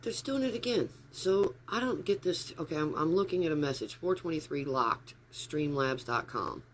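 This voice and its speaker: A man's voice: fairly high pitch, expressive, moderate pace, slight background noise. A man chatting casually on a live stream from his phone at home, rambling and easily sidetracked. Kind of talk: casual livestream chat. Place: upstairs room at home.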